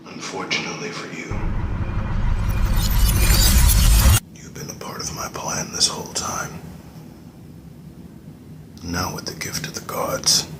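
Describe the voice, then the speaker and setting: A man voicing a scheming male villain who speaks in a drawn-out, menacing way that sinks to a whisper. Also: sits low. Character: scheming male villain revealing his plan. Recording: echoey hall, noisy, with traffic behind.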